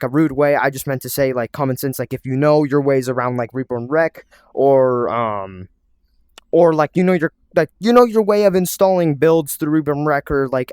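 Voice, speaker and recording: A man's voice: medium pitch, smooth, no echo, studio quality. A young man casually walking viewers through his VR game revival, rambling with lots of fillers and restarts. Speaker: game developer presenting a VR game revival. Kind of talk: casual tutorial vlog.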